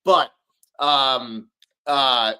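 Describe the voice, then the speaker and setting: A man in casual podcast chat, his voice sitting in an ordinary middle pitch. He talks in an animated way and often stumbles over and repeats words as he builds a point. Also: drawn-out words. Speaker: podcast co-host.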